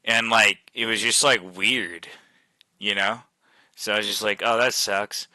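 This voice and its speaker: A man's voice: fairly low pitch, steady tone, unhurried, sharp tone, dry recording. A man telling a long story to friends over voice chat, loose and profane, with a lot of "like" fillers, speaking into a headset mic. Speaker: host chatting with friends on voice chat.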